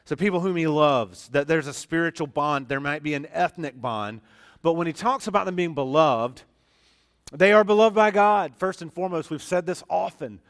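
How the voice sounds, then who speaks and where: A man preaching from the pulpit with a smooth, resonant voice that sits a little higher than most men's. He talks to the congregation in a conversational way and stops to restart and repeat phrases. He leans hard on the key words to drive them home. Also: normal speed. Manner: earnest and emphatic, stressing key words. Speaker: pastor. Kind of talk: sermon.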